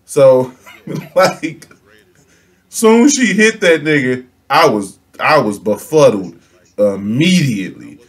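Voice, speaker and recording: On his own channel, a young man tells a funny story in a slangy, laughing way, his mid-range voice taking things slowly. He animatedly acts out quotes from the people involved, as a storytelling vlogger does.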